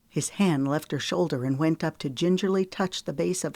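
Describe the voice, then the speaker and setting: Low-voiced woman reading an audiobook. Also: normal speed, few pauses, a little mellow, no echo. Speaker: audiobook narrator. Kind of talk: scripted audiobook narration.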